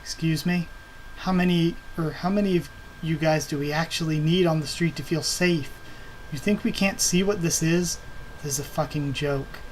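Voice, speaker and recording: An angry, defiant ex-henchman, read out by a man from a comic. The reading is curt, in a slightly high male voice. Faint noise runs underneath. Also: steady tone, normal speed, natural voice, low-quality recording.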